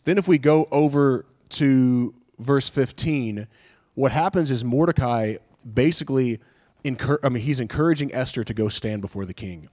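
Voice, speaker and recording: A man's voice: medium pitch, normal speed, dark tone. A man preaching a sermon in an earnest, conversational way, often asking rhetorical questions and restarting his phrases. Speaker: pastor.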